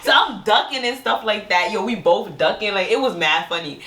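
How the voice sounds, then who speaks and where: Young woman animatedly telling how they met, lots of laughs, echoey room, mic kinda far. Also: moderate pace. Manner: lively, acts out quotes with big pitch jumps, laughs often. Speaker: co-host telling a couple's story. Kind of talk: animated storytelling. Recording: roomy sound from a distant mic.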